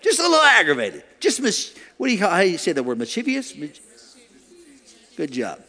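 Animated male preacher in a reverberant hall. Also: high voice, normal speed, soft background music, some chatter behind. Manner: animated, acts out voices and laughs. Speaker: pastor. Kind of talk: sermon.

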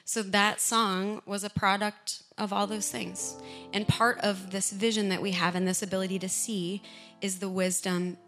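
A woman worship singer speaking casually onstage, halting with fillers. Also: mid-range voice, fairly bright tone.

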